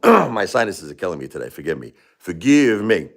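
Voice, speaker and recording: Forties male streamer with a Brooklyn accent; loose, chatty, rambling delivery, slightly low voice. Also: animated, normal speed, a bit bright. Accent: New York (Brooklyn). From New York. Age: 40s. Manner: rambling and chatty, full of "you know" and restarts. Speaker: live streamer. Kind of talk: casual live-stream chat.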